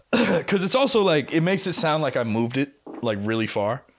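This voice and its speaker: A man's voice: a little high, normal speed, a little hiss or hum. A young man co-hosting a podcast, telling a work story in casual chat, swearing a lot and acting out what people said. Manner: profane, animated storyteller who acts out quotes. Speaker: podcast co-host.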